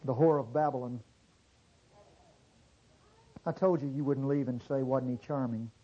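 A man preaching a sermon to a congregation, swinging from low murmurs to loud exclamations and drawing out key words. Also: fairly even intonation, muffled recording. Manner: drawn-out stressed words. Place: church service before a congregation.

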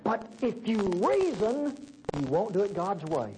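Folksy high-voiced preacher. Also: male voice, measured pace, slight background noise, low-quality recording. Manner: folksy, animated, swings between loud and hushed. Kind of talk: sermon.

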